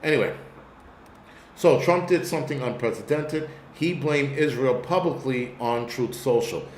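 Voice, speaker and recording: A man's voice: medium pitch, measured pace, echoey room, slight background noise. A man with a New York accent hosting a live-stream commentary, talking bluntly and swearing as he rambles. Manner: blunt, profane, rambling rant. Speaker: host.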